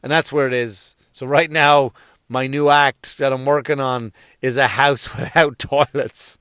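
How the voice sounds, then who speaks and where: Young male stand-up comic hosting his own podcast, loose, profane, rambling, restarts a lot; smooth tone, close and dry. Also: medium pitch, fairly even intonation, unhurried, a bit bright, dry recording. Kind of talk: casual rambling monologue. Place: around New York.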